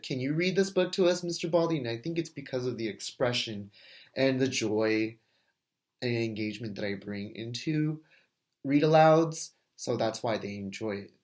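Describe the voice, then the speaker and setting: A man in his twenties, a first grade teacher, talking through a class reflection in a casual, thinking-aloud way with fillers and restarts. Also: mid-range voice. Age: 20s. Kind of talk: recorded class discussion reflection.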